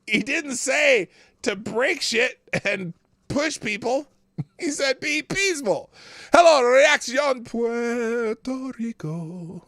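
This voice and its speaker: A man hosting a live political talk show, reading quotes aloud and reacting with incredulous, animated commentary. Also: extremely high pitch, takes it slowly, no room sound, clean studio sound.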